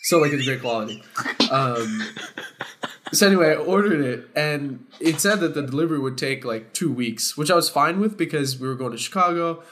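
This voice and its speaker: A young man telling a story to friends on a casual podcast. He talks loosely and gets animated, loud and laughing as the story heats up. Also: a little high, brisk. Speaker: podcast co-host.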